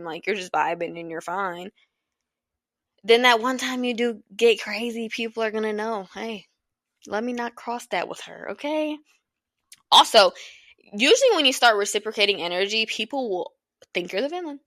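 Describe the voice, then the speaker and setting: Solo podcast host, woman in her twenties, bright and blunt, dry close sound. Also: mid-range voice, dry recording. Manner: blunt, profane, rambling with bursts of laughter. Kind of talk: casual solo podcast monologue.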